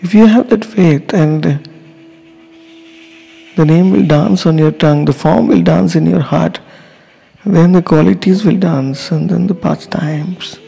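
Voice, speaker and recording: A man giving a slow, emotional devotional talk, often dropping to a whisper and chanting. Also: fairly high pitch, vocal fry, warm tone, slightly rough. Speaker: spiritual teacher.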